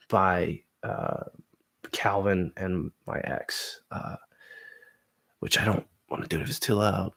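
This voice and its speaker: Young male comic streamer, low voice, rambling, crude, self-deprecating chat. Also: a bit bright, slightly rough. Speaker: comedian streamer. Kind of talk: casual live-stream chat.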